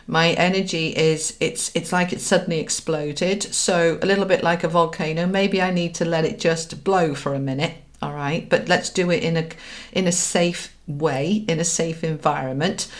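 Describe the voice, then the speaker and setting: A middle-aged woman speaks to viewers of a live stream as a spiritual coach. Her voice sits low, and she talks in an earnest, guiding way, often stopping to ask "all right?" or "okay?".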